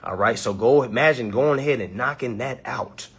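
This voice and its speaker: A man making a casual sales pitch, checking in with "all right?" after nearly every point. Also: moderate pace, a bit bright, breathy edge. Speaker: estate planning seller.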